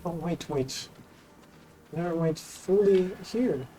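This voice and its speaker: A man streaming a video game, talking to his chat in casual commentary, thinking aloud, getting excited and swearing often. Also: on the high side, slow, noisy background. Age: adult, former teacher. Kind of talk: casual live gameplay commentary.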